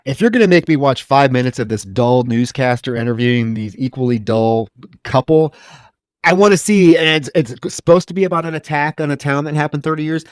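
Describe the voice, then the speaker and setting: A man's voice: medium pitch, dry recording, studio quality. A man co-hosting a podcast, chatting casually and sarcastically about a film, swearing and often restarting his sentences. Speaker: podcast co-host. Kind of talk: casual film review chat.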